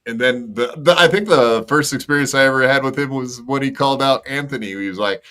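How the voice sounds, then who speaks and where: Brief: podcast co-host, man, bright tense tone, rambling jokey delivery. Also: medium pitch, a little fast, clean tone. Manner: loose, joking, rambling with restarts. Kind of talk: casual banter.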